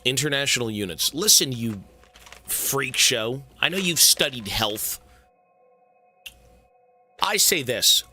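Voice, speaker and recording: A man's voice: mid-range voice, pushed and bright. A young man streaming a game, chatting casually with viewers in a rambling, profane way. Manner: rambling, profane, talks to chat. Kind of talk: casual live-stream chat.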